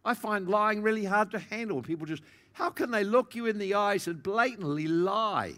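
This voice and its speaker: A man preaching a sermon, acting out the people he describes and swinging between loud and soft. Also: normal speed. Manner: animated, acts out quoted voices, big swings in pitch and loudness. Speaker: pastor.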